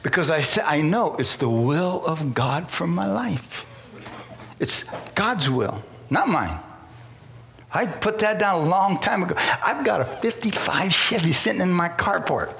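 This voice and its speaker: Male pastor, gravelly voice, animated sermon storytelling that acts out every exchange. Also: sits high, measured pace, slight background noise. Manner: animated, acts out dialogue, laughs at himself.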